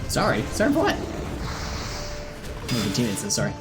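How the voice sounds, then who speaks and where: Lively, chatty live game streamer. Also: mid-range voice, normal speed, music in the background. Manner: chatty, talks to teammates and chat while playing. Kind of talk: live gameplay commentary, chatting with viewers.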